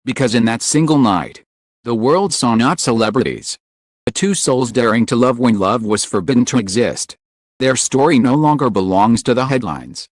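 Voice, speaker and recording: Man narrating with a swooping, lively pitch. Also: no echo, clean studio sound. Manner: solemn, lingering emotional phrasing. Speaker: channel narrator. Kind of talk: scripted dramatic narration.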